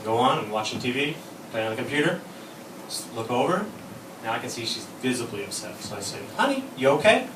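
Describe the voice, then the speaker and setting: This stand-up comedian works a comedy club stage with bawdy stories, playing out each quoted line himself. He has a mid-range voice and talks fairly quickly. The sound comes from a distance in an echoey room, with plenty of noise.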